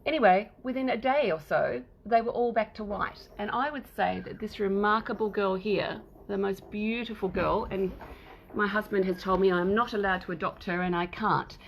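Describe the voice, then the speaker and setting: Aussie lady rambling on about her rescue kittens, a bit of vocal fry, faint room hiss. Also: medium pitch, moderate pace. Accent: Australian. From Australia. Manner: chatty, rambling, fond baby talk to the kittens. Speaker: cat rescuer hosting a livestream. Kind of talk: casual livestream chat. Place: home with kittens, indoors.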